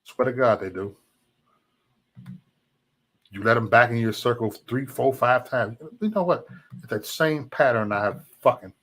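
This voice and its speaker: A man's voice: mid-range voice, measured pace, pauses often, fairly bright tone. A man hosting a live stream, ranting profanely at chat trolls in a loose, mocking way. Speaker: livestream host.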